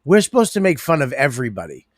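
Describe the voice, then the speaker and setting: A man's voice: medium pitch, huge pitch swings, fast talker, dry recording, studio quality. A man co-hosting a podcast, ranting in a profane way and laughing through his lines in casual chat. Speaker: podcast co-host.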